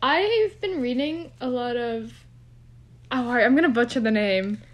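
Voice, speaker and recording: Young female co-host, talkative and giggly, higher-pitched, casual home recording. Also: normal speed. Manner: chatty, rambling, laughs often. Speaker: podcast co-host. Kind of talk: casual chat. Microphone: no microphone, phone or computer.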